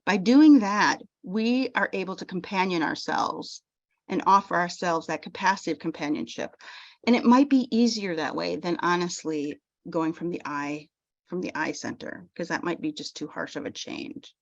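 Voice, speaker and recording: Gentle, low-pitched woman chaplain teaching. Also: dry recording. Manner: gentle, unhurried, often restarting her phrases. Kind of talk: teaching talk on self-compassion. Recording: dull lo-fi dry sound.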